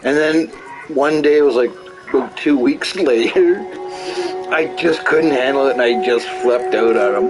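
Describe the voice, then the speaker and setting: A man's voice: mid-range voice, a little slow, low-quality recording. A man streaming a game, chatting casually in a rambling, storytelling way and swearing freely. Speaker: gaming streamer. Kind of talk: casual chat while gaming. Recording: music playing behind voice. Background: game music.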